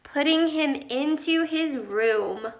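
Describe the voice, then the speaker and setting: A woman teacher reading a picture book aloud at storytime, expressive and talking to the listening children. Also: high voice, slow pace.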